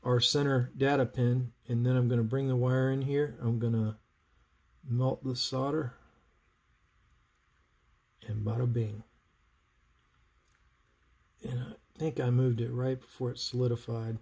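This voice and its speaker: A chatty livestream host and saber builder from North Carolina, US, solders live while narrating his work and answering viewers. His medium-pitched voice is level and a little mellow, moving at a moderate pace in this soldering tutorial chat.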